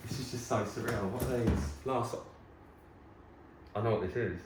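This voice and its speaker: A man, chatting casually to camera in an excitable, nostalgic way. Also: fairly low pitch, fairly quick, roomy sound, slight background noise, poor audio. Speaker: vlogger host. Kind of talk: casual chat.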